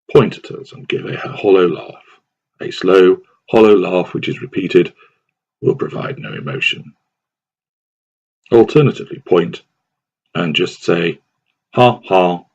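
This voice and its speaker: A man reading a scripted advice text aloud in a measured, deliberate way. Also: low-pitched, gravelly, darkish tone, breathy edge. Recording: dull lo-fi recording.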